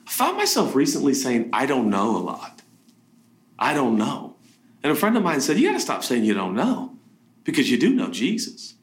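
A man preaching a sermon, animated, acting out quoted voices with big jumps in pitch. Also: moderate pace, roomy sound. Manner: animated, acts out voices of biblical figures and himself with pitch jumps. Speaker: pastor.

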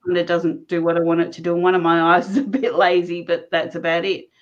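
A woman guest telling a personal story in a casual, animated way, often laughing mid-sentence. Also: fairly low pitch, fast. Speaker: interview guest. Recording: dull lo-fi sound.

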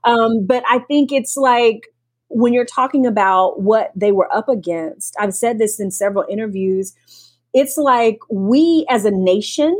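Brief: a woman writer with a somewhat high voice, chatty and animated, laughing between thoughts. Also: measured pace. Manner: animated, laughs often, trails off and restarts. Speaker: novelist. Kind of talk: casual conversation about writing.

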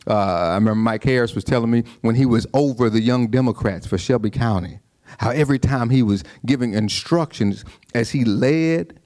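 A man's voice: mid-range voice, moderate pace, a little mellow. A man preaching a sermon, conversational, with repeated restarts and call-and-response asides to the congregation. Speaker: pastor.

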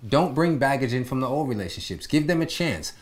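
A man's voice: mid-range voice, fairly quick. A man hosting a casual relationship talk show, chatting with a guest and giving advice in an easygoing way. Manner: relaxed, advice-giving, with lots of agreeing "yeah". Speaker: podcast host. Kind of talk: casual chat.

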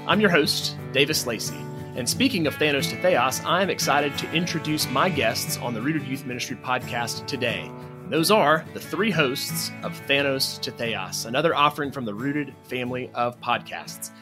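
A man's voice: mid-range voice, moderate pace, music in the background. A man hosting a podcast interview, friendly and lightly joking with his guests. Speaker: podcast host.

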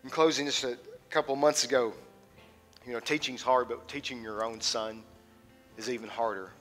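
A man in his thirties preaching a sermon as a teaching pastor, swinging from loud and passionate to hushed and intimate. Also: medium pitch, steady tone, moderate pace, soft background music.

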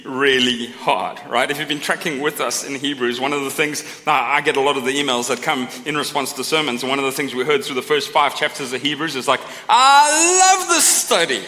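Bright-voiced man preaching in a reverberant hall. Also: medium pitch. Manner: conversational preaching, tags lines with a questioning "right?"; self-deprecating humour, asides to the congregation. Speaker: pastor. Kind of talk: sermon.

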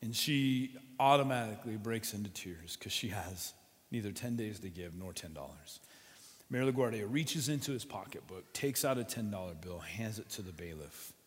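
A male pastor preaching a sermon through a story, with dramatic swings between quiet and loud. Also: fairly low pitch, expressive, moderate pace. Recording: long hall reverb.

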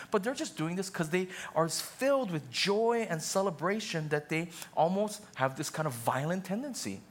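A man's voice: high-pitched, animated, moderate pace, hardly any pauses. A young adult man, a pastor, preaching a sermon in a casual, conversational way, often checking in with the congregation. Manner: conversational preaching with frequent "right?" and "okay?" asides.

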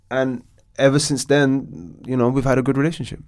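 A middle-aged man, an actor, telling a story in a podcast interview with animated restarts. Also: mid-range voice, brisk, hardly any pauses, no echo, studio quality. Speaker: actor guest.

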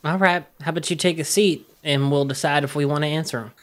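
A man's voice: fairly high pitch, steady tone, fast talker, a bit bright, voice pushed up, lightly acted. A man voicing a folksy frontier townsman who talks in homespun phrases. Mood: guarded.

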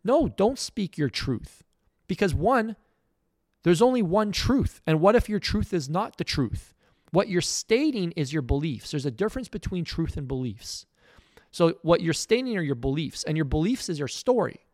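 A man's voice: a little high, sing-song, normal speed, darkish tone, dry recording, studio quality. A middle-aged man hosting a podcast, giving a blunt, emphatic motivational monologue. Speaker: podcast host.

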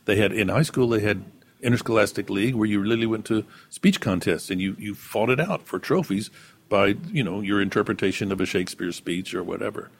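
A man, an actor being interviewed, speaking in a relaxed, thoughtful storytelling way with some fillers. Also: fairly low pitch, brisk, breathy edge. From Texas, US.

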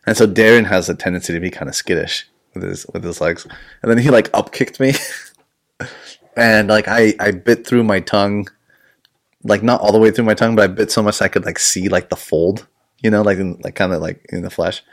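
A man's voice: lowish voice, fairly even intonation, a little fast. A man hosting a casual podcast chat as a jiu-jitsu instructor, rambling, swearing and laughing often.

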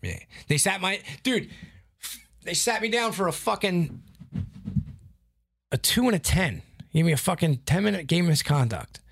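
Man, podcast co-host, gravelly voice, swears a lot, dry close sound. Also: high voice, moderate pace, pauses often, no room sound. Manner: profane, animated storytelling. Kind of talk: casual chat.

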